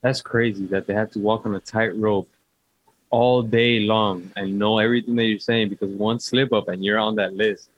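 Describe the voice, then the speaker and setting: A man co-hosting a casual movie review podcast in a relaxed, candid way. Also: fairly low pitch, normal speed, no room sound, lo-fi sound. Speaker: podcast co-host.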